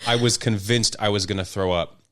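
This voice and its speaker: A man's voice: on the low side, steady tone, fairly quick, fairly bright tone, clean tone. A young man hosting a casual solo podcast at home, rambling and joking about himself. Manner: rambling, jokey and self-deprecating. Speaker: podcast host.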